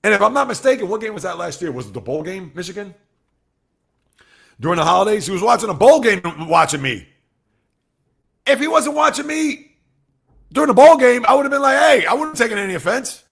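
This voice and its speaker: Male sports livestream host, slightly high and gravelly, animated, chats with viewers and jumps from loud bursts to low asides. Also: a little fast, pauses often. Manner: animated, swings from loud outbursts to quiet asides; talks straight to chat, reads out viewer comments. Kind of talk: casual livestream chat with viewers.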